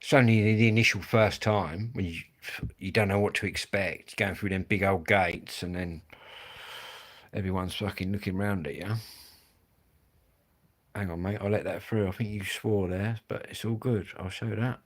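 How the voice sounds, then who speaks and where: A man's voice: sits low, fairly even intonation, normal speed. A middle-aged man with a Kent accent, chatting casually and rambling with viewers on a livestream, swearing and dropping blokey slang. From England. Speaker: livestream host.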